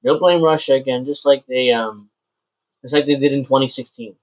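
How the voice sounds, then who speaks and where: A man's voice: medium pitch, moderate pace, highs cut off. A man hosting his own show, ranting bluntly and sarcastically, with plenty of swearing, about a podcast clip he plays. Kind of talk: casual solo commentary.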